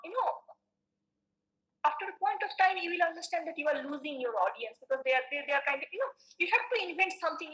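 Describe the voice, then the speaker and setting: A woman's voice: high voice, sharp tone, rough recording. A woman teacher giving a classroom lecture, often tagging points with "okay" and restarting her sentences.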